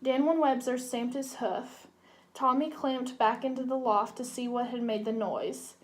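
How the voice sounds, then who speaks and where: A young woman, a student, narrating a children's storybook read-aloud in a gentle, clear way. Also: a little high, steady tone, measured pace. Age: young adult. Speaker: student reader.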